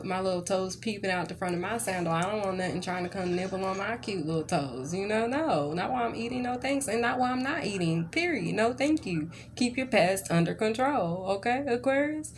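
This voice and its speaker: A woman's voice: medium pitch, lively intonation, a little fast, noisy background. A woman who reads tarot, telling a rambling story in a chatty, ranting way and checking in with "okay?" again and again. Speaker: tarot reader. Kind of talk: casual storytelling tarot reading.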